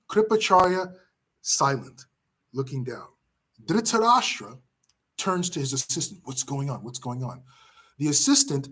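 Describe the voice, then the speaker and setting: A man teaching a class by retelling an epic story in a dramatic, emphatic way with pauses. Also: sits high, a bit bright. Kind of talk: storytelling lesson.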